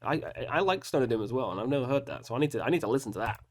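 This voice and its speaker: Animated and very fast, a man with a medium-pitched voice runs through music matchups in his casual solo metal reaction video. Choosing albums, he groans over the hard calls and tosses in self-mocking asides.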